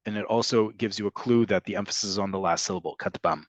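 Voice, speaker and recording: A man's voice: on the low side, steady tone, fast talker, no echo. A man teaching an online class, patiently explaining and answering questions with frequent fillers and "right?" checks. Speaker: Hebrew teacher. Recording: dull lo-fi dry audio.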